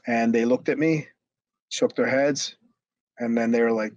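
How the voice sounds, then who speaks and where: A man's voice: mid-range voice, steady tone, unhurried, long pauses, a little mellow, no room sound, muffled recording. A man, a former wrestler, telling a long backstage story in a rambling way with many restarts. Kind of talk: storytelling interview.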